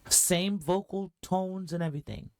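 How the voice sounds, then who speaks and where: A woman's voice: fairly low pitch, moderate pace, very noisy. A woman hosting a podcast, chatting animatedly through a reaction breakdown and asking her audience questions. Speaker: podcast host. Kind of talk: reaction commentary.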